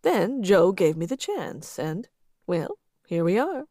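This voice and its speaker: A woman's voice: medium pitch, big pitch swings, takes it slowly, dark tone, no echo, studio quality. A woman reading the part of a bold married man who coaxes and teases his partner in an audiobook. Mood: coaxing.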